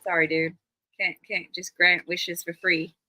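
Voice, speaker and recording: Aussie-raised woman rambling thru stories on her stream, bright crisp voice, kinda low, dry close sound. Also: level tone, unhurried, no room sound, rough recording. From Australia. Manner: chatty, rambling anecdotes with a laugh. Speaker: live stream host. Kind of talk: casual chat.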